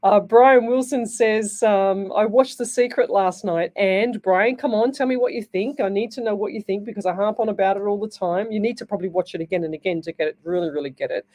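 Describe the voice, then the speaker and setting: Australian woman, radio host, chatty rambling talk, mellow warm tone, mid pitch. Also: a little fast, hardly any pauses. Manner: chatty, rambling storyteller with many fillers. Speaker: radio psychic medium host. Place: radio studio.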